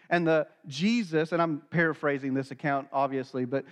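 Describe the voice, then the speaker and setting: Pastor, man, sermon delivery, earnest, high voice, long hall reverb. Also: steady tone, fairly quick, hardly any pauses. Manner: earnest, acts out quoted dialogue.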